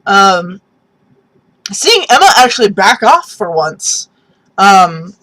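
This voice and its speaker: A woman giving a casual, animated spoken review of a TV episode, with lots of "um"s and restarts, sometimes acting out characters' reactions. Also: mid-range voice, takes it slowly, rough recording. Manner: animated, many ums and restarts, acts out reactions.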